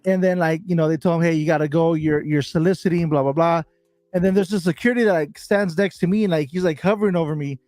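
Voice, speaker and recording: A man with a fairly high voice tells a story in loose, slangy talk, swearing freely and getting animated as it goes. The sound is close and dry, with no room behind it. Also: fast, no room sound. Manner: animated and laughing while recounting. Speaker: bobblehead collector telling a story. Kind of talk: casual chat.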